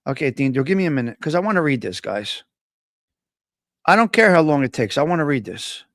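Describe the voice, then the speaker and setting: A man's voice: fairly high pitch, sing-song, brisk, a bit bright, dry recording, clean studio sound. A man hosting a casual live stream, chatting with viewers, teasing them and reading their comments aloud. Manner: chatty, laughs often, teasing, ad-libs.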